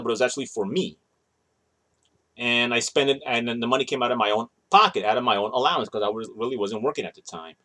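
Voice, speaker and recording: Showing off his toys in a casual vlog, a man in his thirties rambles and chats, frequently fixing his wording mid-sentence. This toy collector has a mid-range voice that's a bit bright.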